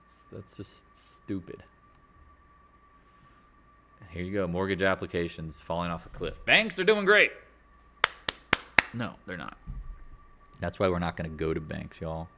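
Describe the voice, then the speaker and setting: A man's voice: deep voice, little pitch movement, measured pace, vocal fry, pauses often, noisy background. A man hosting a casual live market chat, rambling and joking as he goes. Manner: rambling, jokey, self-deprecating. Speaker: market chat host and real estate agent.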